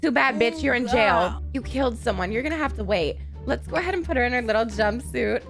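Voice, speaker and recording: A woman's voice: on the high side, animated, brisk, gravelly, faint music behind. A young woman hosting her gaming channel, giving brash, profane let's-play commentary.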